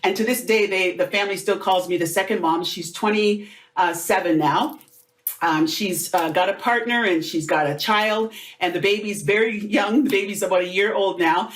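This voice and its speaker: A middle-aged woman, a motivational speaker, telling stories in an animated, conversational way during an interview. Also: medium pitch, normal speed. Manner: animated, acts out quoted voices.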